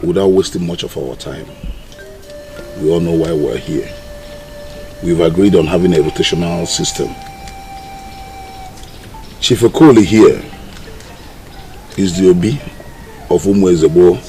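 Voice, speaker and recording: A man plays a Nigerian council elder who speaks formally and measuredly. His voice is deep and slow, with soft music behind it. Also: poor audio. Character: calm elder chairing a village council.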